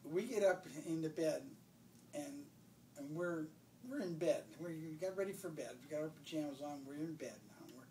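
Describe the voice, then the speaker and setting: A man's voice: fairly high pitch, animated, moderate pace, a little mellow, reverberant. A man telling a funny childhood story in casual conversation, often breaking into laughter. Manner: laughs a lot while telling a family story. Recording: distant mic with faint background noise.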